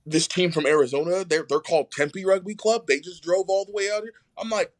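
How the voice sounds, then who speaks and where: A man's voice: sits high, brisk. A man telling a story in casual conversation as a podcast guest, acting out the voices of people he quotes. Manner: animated, acts out quoted voices.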